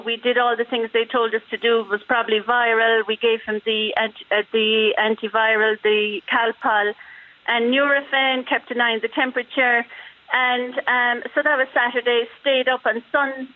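A woman phoning a radio show as a parent. She tells her story step by step in a steady way, with fillers. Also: fairly high pitch. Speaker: radio phone-in caller, parent. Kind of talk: phone-in storytelling. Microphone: telephone. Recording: tinny phone line.

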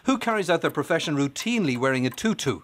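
A man's voice: a little high, very animated, a bit bright. A man hosting a radio quiz phone-in, teasing and bantering with callers. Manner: playful, teasing, quick banter.

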